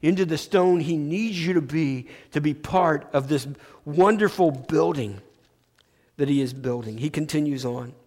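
A man preaching a sermon as pastor, slow and emphatic, restarting his phrases often. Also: on the high side, a little mellow. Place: church sanctuary. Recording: long church reverb.

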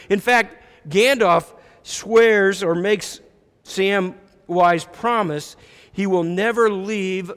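A man preaching a sermon, retelling a story reflectively with repeated phrases. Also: sits high. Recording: echoey hall reverb.

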